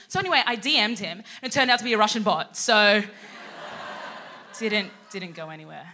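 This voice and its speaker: A woman from Sudan who grew up in Australia, co-hosting a live show and telling a stand-up comedy set in an animated way, swearing and acting out quotes. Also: medium pitch, a little fast. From Sudan, raised in Australia. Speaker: co-host.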